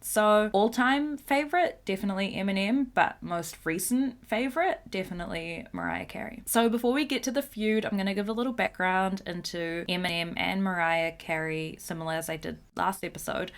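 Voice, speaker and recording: A woman's voice: mid-range voice, fairly quick, few pauses. A young woman hosting a podcast, chatting casually and animatedly, with many "like"s and the odd swear word. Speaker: podcast host.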